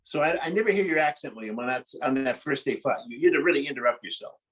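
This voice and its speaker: A man's voice: mid-range voice, quick pace, rough recording. A man coaching a piano student in a lesson, blunt and corrective, often stopping the student to explain dynamics. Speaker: piano teacher in a masterclass. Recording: loud piano playing behind the voice.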